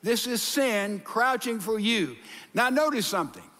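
A man's voice: high voice, a little slow. Older male preacher in a reverberant hall. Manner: animated preaching, acting out voices and dropping to hushed asides. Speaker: pastor. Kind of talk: sermon. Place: church sanctuary.

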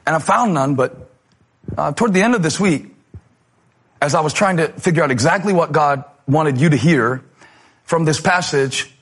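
A man preaching a sermon as pastor, animated, moving between loud passages and quiet ones. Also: on the high side, normal speed, pauses often.

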